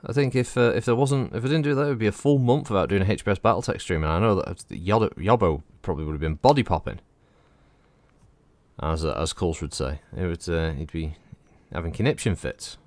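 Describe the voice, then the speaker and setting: A low-pitched man chats his way through a game stream, meandering from thought to thought and swearing freely. His voice sits close and dry on the mic, with no room around it. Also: expressive, fairly quick, a little mellow, no room sound. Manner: rambling, chatty, swears freely. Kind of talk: casual gameplay commentary.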